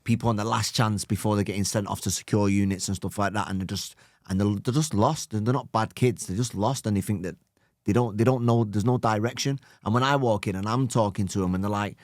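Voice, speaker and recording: Podcast host and coach, Manchester man, low voice, encouraging, dry sound. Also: fast talker, dry recording. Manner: reflective, encouraging, many "like" fillers. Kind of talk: casual podcast chat.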